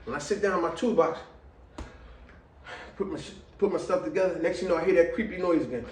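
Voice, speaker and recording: A middle-aged man telling a personal story to viewers, lively and full of slang, swinging between loud exclamations and quiet asides and laughing often. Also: a little high, quick pace, background noise. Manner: casual American slang, addresses viewers as y'all. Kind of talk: animated storytelling monologue. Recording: roomy, a little distant from the mic.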